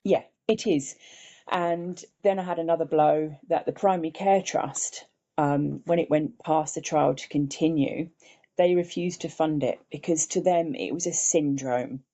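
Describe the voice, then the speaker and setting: A woman's voice: sits low, steady tone, a little slow, mellow. An older woman from England, a podcast guest, telling her personal story earnestly. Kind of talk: interview conversation. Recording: dull lo-fi remote audio.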